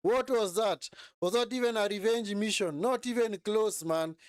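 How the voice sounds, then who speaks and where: A man's voice: sits high, moderate pace, smooth, dry recording, studio quality. A young man hosting a live football watch-along, mocking and scolding the players in a long rant. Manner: mimics players in whiny put-on voices.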